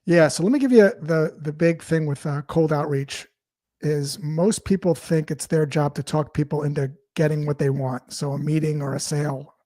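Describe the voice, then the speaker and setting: A man with a slightly raised pitch talks as a podcast guest. He tells stories to make his points. The sound is dry and close, with no room around the voice. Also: normal speed, no echo. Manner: lively anecdotes, acts out dialogue. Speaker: sales trainer and podcast guest. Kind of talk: storytelling interview talk.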